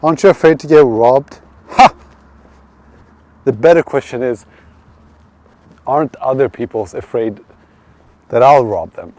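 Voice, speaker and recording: A man's voice: mid-range voice, a little slow, long pauses, darkish tone, dry recording. A man from Sweden live-streaming while walking outdoors at night, rambling, swearing and answering chat. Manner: rambling, swearing, restarts and reads chat aloud. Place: outdoors on a city street at night. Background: faint street and traffic noise.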